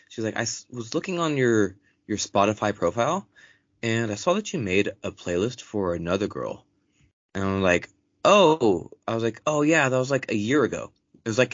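A young man with a lowish voice co-hosts a podcast, telling a story in casual chat. He swears often and is animated, acting out other people's lines in a raised voice. The recording is dull, lo-fi and dry.

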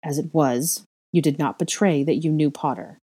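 A woman's voice: normal speed, warm tone, breathy edge. A woman reading as a stern, clipped male headmaster. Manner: clipped, terse, low intoning.

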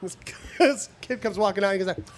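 A man who works as a school teacher, a guest on a podcast, telling animated stories and laughing as he talks. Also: sits high, fast, slight background noise. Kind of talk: casual chat, storytelling.

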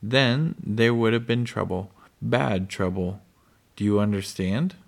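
A man reading aloud, voicing a calm but firm pioneer father in a storybook with a slow, gravelly voice. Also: lowish voice. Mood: stern. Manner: steady, measured, plainly read.

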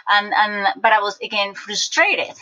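Bright-voiced woman telling animated stories. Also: mid-range voice, normal speed. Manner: animated storyteller with many restarts and acted-out quotes. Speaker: guest. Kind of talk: casual conversation, personal storytelling. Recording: dull lo-fi recording.

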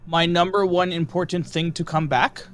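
A man's voice: a little high, normal speed, slight background noise. Teasing man co-hosting a podcast. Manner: teasing, animated banter. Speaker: podcast co-host. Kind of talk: casual gaming podcast chat.

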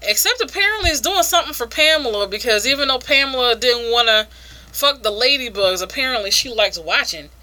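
A woman's voice: mid-range voice, bright, forceful tone. A woman casually reviewing an adult comic, frank and crude, laughing often.

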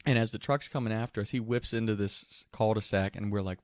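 A young man casually telling a rowdy anecdote, animated and laughing, with plenty of swearing. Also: on the low side, fast, few pauses, dry recording, studio quality. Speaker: storyteller.

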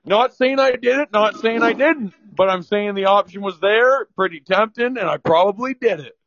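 A man's voice: high-pitched, moderate pace, a bit bright, dull audio. A man from Ontario with a Canadian accent, a podcast guest telling rowdy, profane stories in casual chat. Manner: swearing, rowdy storytelling.

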